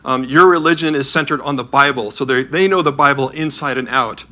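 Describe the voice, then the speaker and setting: A man giving a talk, telling lively anecdotes with quick asides and acting out the people in them. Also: mid-range voice. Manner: animated anecdotal storytelling with asides. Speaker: speaker touring with a Bible edition. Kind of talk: storytelling talk.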